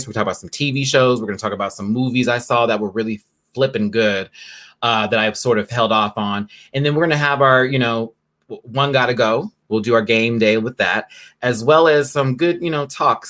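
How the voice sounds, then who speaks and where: A man's voice: mid-range voice, fairly bright tone. A man hosting his own live stream from his apartment, chatting casually and campily with drag slang. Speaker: live-stream show host.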